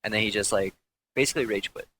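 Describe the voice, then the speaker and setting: A young man, a former pro gamer, telling a candid, swearing story in casual talk with frequent halting restarts. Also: lowish voice, bright, forceful tone, slight background noise, low-quality recording.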